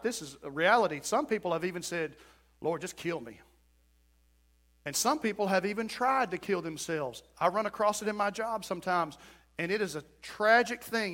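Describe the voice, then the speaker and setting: A man's voice: sits high, bright, forceful tone. A middle-aged male pastor preaching a storytelling sermon in a church, acting out quotes and building to emphatic points.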